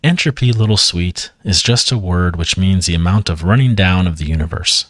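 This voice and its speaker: A man's voice: sits low, normal speed, dry recording, clean studio sound. A man reading a reassuring future dad. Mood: patient. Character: cheerful future father of young kids.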